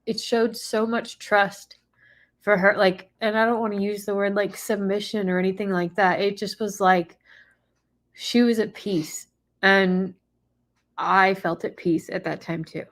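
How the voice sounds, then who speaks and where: A woman telling a personal story in casual chat, soft-spoken and hesitant, searching for words. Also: medium pitch, fairly even intonation, unhurried. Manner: soft, hesitant, many fillers and restarts. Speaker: co-host recounting a personal experience.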